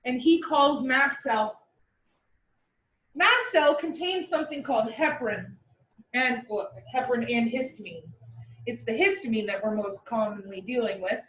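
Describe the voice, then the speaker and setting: A woman teaching a class in a playful way, with vivid comparisons and quick mock voices, recorded from across the room. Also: a little high, fairly bright tone, far from the mic. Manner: playful, uses military metaphors and mock voices. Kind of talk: classroom lecture. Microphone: far from the mic. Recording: echoey classroom recorded from afar.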